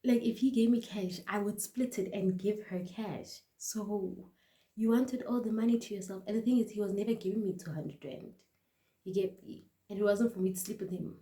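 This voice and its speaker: Chatty South African woman, mellow voice. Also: medium pitch, normal speed, reverberant. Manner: chatty, animated, often drops to a quiet aside. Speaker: vlogger. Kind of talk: casual storytime.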